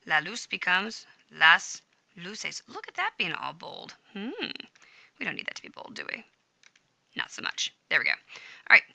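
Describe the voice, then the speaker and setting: A woman's voice: on the low side, big pitch swings, moderate pace, gravelly, pushed and bright, dry recording, rough recording. A woman teacher walking students through Spanish grammar notes on screen, upbeat and chatty, catching and fixing her own slips. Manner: upbeat, chatty, self-correcting. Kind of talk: screen-recorded grammar lesson. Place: home room with a smart speaker.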